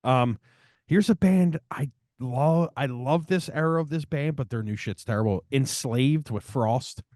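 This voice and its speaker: A man's voice: mid-range voice, a little slow, darkish tone, dry recording. Podcast co-host, man, middle-aged, foul-mouthed fan, dry studio sound. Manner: swears a lot, enthusiastic about records. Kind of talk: casual chat.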